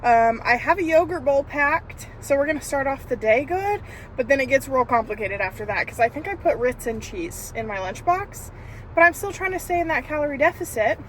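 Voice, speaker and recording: A young woman vlogs casually from her car and errands on a lunch break, speaking candidly into a handheld phone camera with lots of fillers and laughs. Her high-pitched voice is expressive, a little fast, and fairly bright, with a little hiss or hum in the audio.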